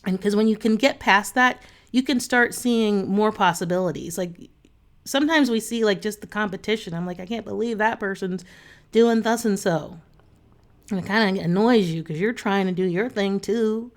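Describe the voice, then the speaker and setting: A woman speaks to her online group as their coach, in an earnest, chatty way. She talks off the cuff, with lots of fillers and restarted sentences. Her pitch sits in an ordinary middle range. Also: moderate pace. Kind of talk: casual talk to camera.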